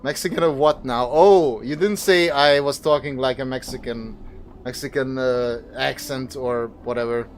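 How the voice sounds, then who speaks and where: A man hosting a gaming video, doing casual commentary, animated and joking at himself. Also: medium pitch, moderate pace, a little hiss or hum.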